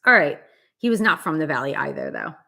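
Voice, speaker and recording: A woman's voice: sits low, animated, brisk, vocal fry, pushed and bright. A middle-aged woman doing live-stream tarot readings, talking in a chatty, valley-girl cadence. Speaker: tarot reader.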